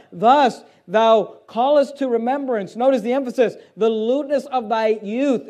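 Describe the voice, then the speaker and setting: A man preaching a fiery sermon, reading scripture aloud and driving his points home with emphatic repetition. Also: very high voice. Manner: forceful, emphatic, shifts between loud preaching and quieter reading.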